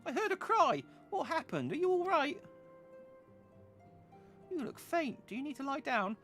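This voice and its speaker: A man voicing a tiny, fussy female assistant in a squeaky falsetto. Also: very animated, a little slow, a bit bright, faint music behind, exaggerated voice. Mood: fussing. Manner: fussing, solicitous.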